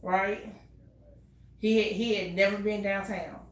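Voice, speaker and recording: A woman with a Southern American accent who hosts a casual chat and tells stories in a loud, profane, animated way. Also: mid-range voice, a little slow, heavy reverb, far from the mic. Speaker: host.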